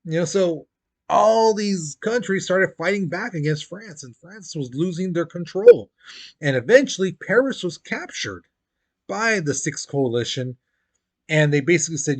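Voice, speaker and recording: A man's voice: high voice, big pitch swings, measured pace. A man teaching a history lesson in a casual, chatty way, full of "you know" and "basically", acting out quotes in playful voices.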